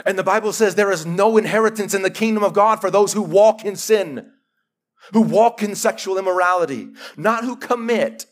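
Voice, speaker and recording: A man's voice: high voice, normal speed. A man preaching a live sermon as a pastor, emphatic and repeating key words for force.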